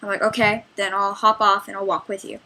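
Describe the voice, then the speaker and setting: Young woman, bright voice, chatty rambling storyteller, quotes both sides of conversations. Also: medium pitch, flat delivery, brisk, rough recording. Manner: chatty, rambling retelling with many quoted exchanges. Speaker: trail guide. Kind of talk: storytelling vlog.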